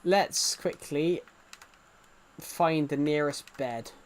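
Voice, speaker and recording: A man's voice: fairly high pitch, very slow. A man live-streaming a game, chatting casually and reassuring viewers, often repeating himself. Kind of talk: casual live-stream chat while gaming.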